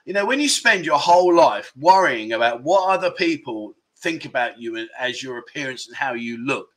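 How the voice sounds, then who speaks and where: A man's voice: mid-range voice, lively intonation, normal speed, a bit bright. A man in his fifties hosting a casual livestream, chatting candidly and reading out viewer comments with frequent chuckles. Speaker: livestream host.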